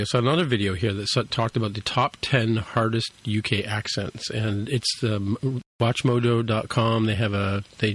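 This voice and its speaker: A man's voice: on the low side, fairly bright tone, low-quality recording. A man co-hosting a podcast in casual chat, rambling with many restarts and fillers. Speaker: podcast co-host.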